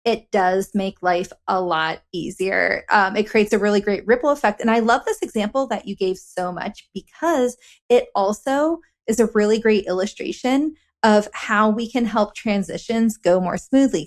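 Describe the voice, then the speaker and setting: A woman's voice: medium pitch, moderate pace. Woman guest telling a parenting story. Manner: warm practical storytelling with quoted dialogue. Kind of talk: casual conversational podcast chat.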